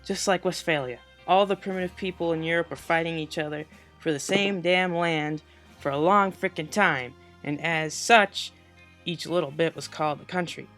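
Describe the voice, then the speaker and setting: A teenage boy delivers a school presentation voice-over, tossing out sarcastic, mocking jokes between facts. His voice is bright and a little high for a young man. Soft music runs faintly behind him. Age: teens. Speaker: student presenter.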